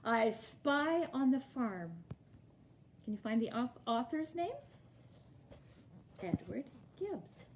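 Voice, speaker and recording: A woman leading a library storytime, reading a picture book aloud and teaching young children in a clear, animated way. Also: on the high side, slow, long pauses, slight background noise. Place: library programme room.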